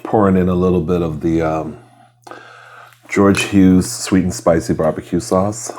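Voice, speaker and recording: A man's voice: low voice, fairly even intonation, a little slow, a little mellow. A man vlogging at home as he eats, talking casually in a rambling, mildly aggrieved way between bites. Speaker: mukbang vlogger. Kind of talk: casual eating vlog.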